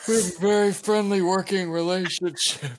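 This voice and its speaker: A tabletop game player making deadpan jokes in casual talk. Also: medium pitch, moderate pace, low-quality recording.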